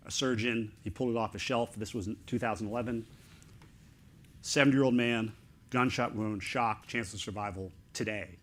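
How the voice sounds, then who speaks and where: A middle-aged author appears as an interview guest, speaking in a fairly low voice. He tells a story in excited, animated bursts of short fragments.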